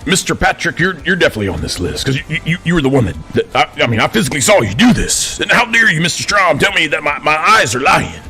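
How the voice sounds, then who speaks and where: A man's voice: a little high, sing-song, fast talker, hardly any pauses, bright, forceful tone, soft background music. A man, ranting to camera from his office in the persona of a command sergeant major, preachy and stammering when worked up. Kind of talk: impassioned rant to camera.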